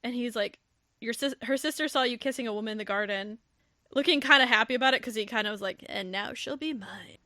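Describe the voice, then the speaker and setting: Animated, bright-voiced woman podcast host. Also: fairly high pitch, fast talker, no echo, clean studio sound. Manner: animated storytelling, acts out quotes, swears and laughs. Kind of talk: casual book recap chat.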